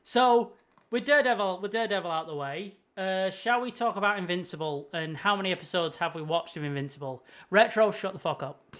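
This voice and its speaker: A man's voice: high voice, brisk, a bit bright. A man, co-hosting a podcast in crude, joking casual chat. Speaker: podcast co-host.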